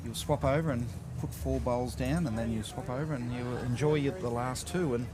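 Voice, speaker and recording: A man giving relaxed live commentary on a bowls match, with many fillers. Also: mid-range voice, fairly quick, a crowd in the background. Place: outdoor bowls green. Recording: outdoor mic with steady background noise.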